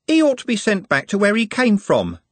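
A man voicing a dreamy, slow-witted young working-class woman who speaks in slangy, ungrammatical phrases. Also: high voice, huge pitch swings, no echo, pitched above the performer's own voice, full character voice. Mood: naive.

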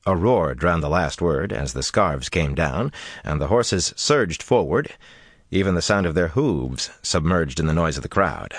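A man narrating a fantasy audiobook with expressive, dramatic delivery. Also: low-pitched, a little slow, slightly rough, no room sound, studio quality.

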